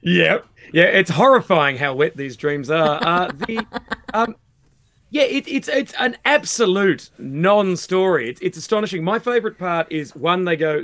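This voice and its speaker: A man's voice: fairly high pitch, expressive, moderate pace, fairly bright tone. An Australian man guesting on a comedy podcast, riffing sardonically. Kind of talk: comedic panel chat.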